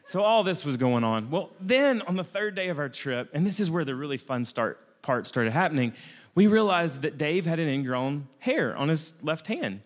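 American male storyteller, lively and self-mocking, somewhat high voice, long reverb. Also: normal speed. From United States. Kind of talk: comic personal travel anecdote.

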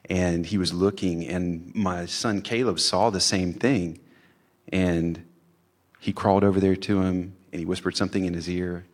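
A man with a somewhat low voice tells a personal story live on stage. He talks in a loose, chatty way, dropping "like" often and acting out what people said. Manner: casual, chatty, many "like" fillers, acts out quotes. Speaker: storyteller, father of three boys.

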